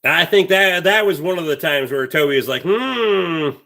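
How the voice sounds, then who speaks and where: A man with a bright, edgy tone and a slightly high voice, hosting a livestream. He rambles through stories in a blunt, heavily profane, casual way. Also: a little fast. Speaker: livestream host.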